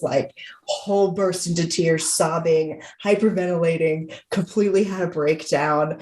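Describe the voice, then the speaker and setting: A woman's voice: mid-range voice, darkish tone, echoey room. A young woman co-hosting a podcast, telling a story in casual, rambling chat and acting out quotes in a raised voice. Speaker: podcast co-host.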